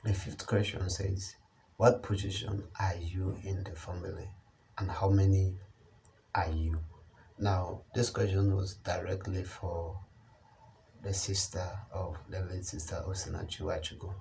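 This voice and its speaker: A man's voice: sits low, little pitch movement, a little slow, gravelly, mellow, slight background noise, low-quality recording. A man commenting on a news story, emphatic and repeating phrases for stress. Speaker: online channel commentator.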